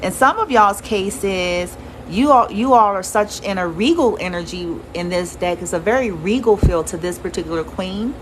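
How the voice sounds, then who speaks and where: A woman giving a casual tarot reading to her viewers, blunt and quick to swear and laugh. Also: medium pitch, expressive, a little hiss or hum, rough recording. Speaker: tarot reader.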